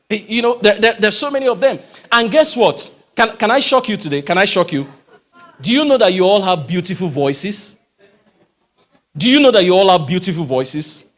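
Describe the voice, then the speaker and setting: A man giving an emphatic live talk to a church audience, often asking rhetorical questions. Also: high-pitched. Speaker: motivational speaker.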